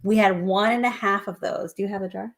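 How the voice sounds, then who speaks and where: A woman's voice: mid-range voice, fairly even intonation, fairly quick. A woman co-hosting a casual live stream, chatting and reading out lists of viewer guesses. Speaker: livestream co-host.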